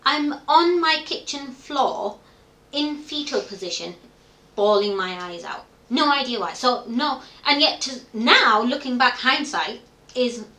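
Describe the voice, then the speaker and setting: A woman's voice: high-pitched, lively intonation, measured pace, sharp tone. A middle-aged woman, telling her story openly and reflectively as an interview guest, often voicing her own past thoughts. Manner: open, reflective storytelling with quoted inner thoughts. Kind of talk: candid conversational interview. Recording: echoey room.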